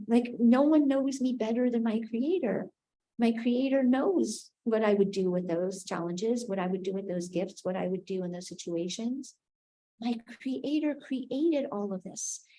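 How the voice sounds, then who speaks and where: A woman leads a spiritual teaching at an unhurried pace. Her voice is mellow and soft-edged, and she often pauses to check in with the listener. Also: medium pitch, poor audio. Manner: unhurried, often ending thoughts with "right?".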